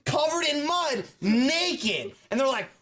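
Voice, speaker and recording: A man with a high, bright voice tells a story on a casual chat show. He swings his pitch all over the place and keeps putting on mocking voices. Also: very animated, slow. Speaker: podcast co-host.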